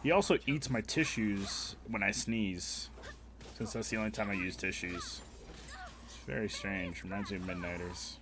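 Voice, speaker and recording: A man's voice: lowish voice, moderate pace, over music. A young man live-streaming a game, chatting casually with viewers in a crude, joking, rambling way. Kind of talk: casual gaming stream chat.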